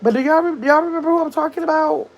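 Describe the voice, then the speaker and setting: An older woman hosting a casual livestream, chatting with her viewers and reading their comments aloud as she thinks out loud. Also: high voice, racing. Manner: chatty, animated, thinks out loud, addresses chat as y'all. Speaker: livestream host reading chat.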